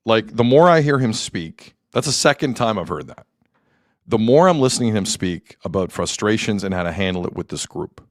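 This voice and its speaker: A man hosting a sports talk show, chatting animatedly, cutting in often and breaking into shouts of excitement. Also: on the low side, brisk, no echo, clean studio sound.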